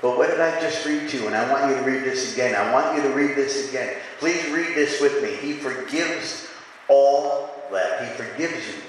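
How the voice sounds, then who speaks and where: A man's voice: medium pitch, moderate pace. A pastor preaching a sermon to his church, leading the congregation in call-and-response and repeating lines for emphasis. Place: church sanctuary. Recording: echoey church hall with faint room noise.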